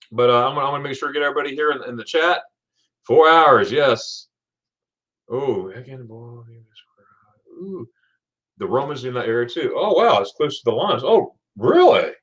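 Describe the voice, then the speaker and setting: A man's voice: medium pitch, fairly bright tone. A man hosting a casual livestream, chatting loosely, laughing often and reading viewer comments aloud. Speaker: livestream host.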